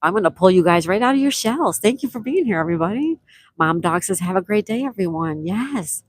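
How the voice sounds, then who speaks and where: A woman's voice: medium pitch, animated, fairly quick. A woman from the United States hosting a casual live stream, chatting and reading viewer comments aloud in an upbeat way. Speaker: livestream host.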